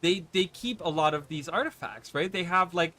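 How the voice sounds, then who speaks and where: A man's voice: high voice, normal speed, sharp tone. Chatty man streaming a game. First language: not English. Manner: rambling, many fillers and restarts. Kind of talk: casual gameplay commentary.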